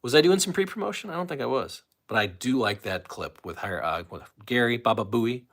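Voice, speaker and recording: Man, live stream host, rambling casual chat, lively up-and-down pitch, medium voice. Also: brisk. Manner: rambling, chatty, reads chat comments aloud.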